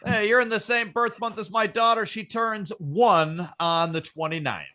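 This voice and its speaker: A man's voice: high voice, moderate pace. A man hosting a casual podcast, joking around animatedly and riffing on comments. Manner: animated, jokey, reads comments aloud. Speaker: podcast host.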